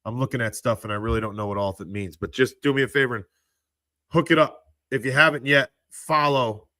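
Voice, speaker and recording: A man talking into a handheld phone on a live stream, with a bright, forceful tone. His voice jumps sharply upward whenever he gets indignant. The sound is dry and close, with no room around it. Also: brisk, no room sound. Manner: exasperated ranting, rises sharply in pitch when indignant. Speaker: livestream host. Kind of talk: casual live-stream commentary.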